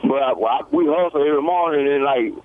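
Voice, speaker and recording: Male caller on phone line, fast and halting, slightly high voice, lo-fi with faint hiss. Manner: halting, restarts, rambling. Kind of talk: phone call to radio show.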